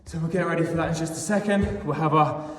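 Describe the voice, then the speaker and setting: A man's voice: a little high, quick pace. A young man, a teacher, leading a children's fitness class, encouraging them and counting out the reps, a little out of breath. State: slightly out of breath. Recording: echoey hall from far off, faint noise.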